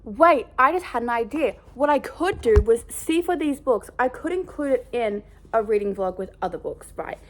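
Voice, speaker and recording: A woman vlogging in a casual, rambling way, bubbly and excitable. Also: fairly high pitch, moderate pace, few pauses. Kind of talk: casual chat.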